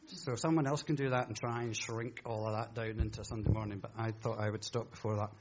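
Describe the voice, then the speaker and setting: A man's voice: fairly low pitch, fairly even intonation, fairly quick, few pauses, a little mellow, dull audio, a little hiss or hum. A man preaching a sermon in church, chatty and jokey, teasing his congregation. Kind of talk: humorous sermon talk.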